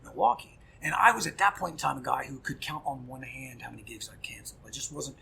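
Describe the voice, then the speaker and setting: A middle-aged man, a punk musician guest, telling a story in casual chat, animated and profane, acting out quoted dialogue. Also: mid-range voice, fast talker, vocal fry, slight background noise.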